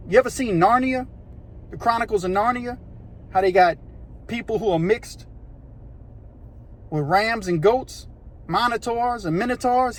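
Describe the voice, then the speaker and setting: A man telling a prison story in a casual, animated, slangy way, acting out voices and sounds. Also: high voice, breathy edge. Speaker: storyteller recounting prison life.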